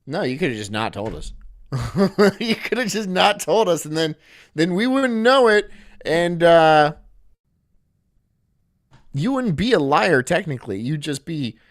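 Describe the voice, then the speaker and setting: A man's voice: a little high, big pitch swings, a little slow, pauses often. A man streaming casually, reading chat and rambling through crude jokes that he often laughs at himself.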